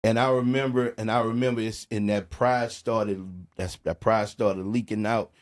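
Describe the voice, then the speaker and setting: A man's voice: lowish voice, normal speed. A middle-aged man from New Orleans, a music producer guest on a podcast, telling a personal story in casual talk and acting out the quoted dialogue. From New Orleans, USA. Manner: animated storyteller who acts out quoted dialogue, peppered with "bro" and "man".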